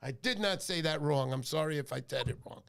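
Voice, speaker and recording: A man hosting a fishing livestream, chatting in an animated, joking, rambling way. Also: a little high, fairly quick, vocal fry. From New York. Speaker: livestream fishing show host. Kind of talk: casual livestream chat.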